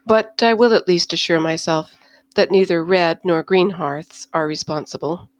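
A woman's voice: fairly low pitch, normal speed, lightly acted. A woman voicing a proud male noble patron who speaks in clipped, commanding lines. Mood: curt.

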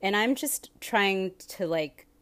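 A woman's voice: mid-range voice, expressive, slow, a bit bright. A young woman hosting a solo podcast, chatting casually in a rambling, profane way with lots of tangents. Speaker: podcast host.

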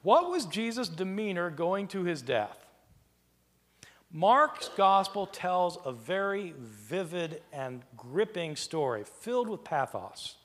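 High, lively male lecturer in reverberant hall. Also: slow pace. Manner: animated, rhetorical questions, plays out imagined exchanges. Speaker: lecturer on early Christian texts.

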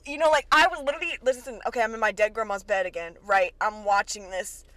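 A woman's voice: mid-range voice, fast talker, dry recording. Host chatty, cursing young woman from Kentucky, dry sound. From Kentucky, USA. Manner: chatty, profane, excitable retelling. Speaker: podcast host. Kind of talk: casual TV episode recap.

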